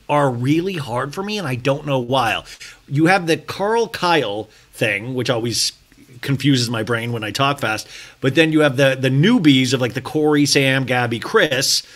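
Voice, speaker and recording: A man hosting a solo TV recap podcast, joking and irreverent, talking fast and swearing casually. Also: mid-range voice. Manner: fast, animated, breaks into mocking impressions. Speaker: podcast host.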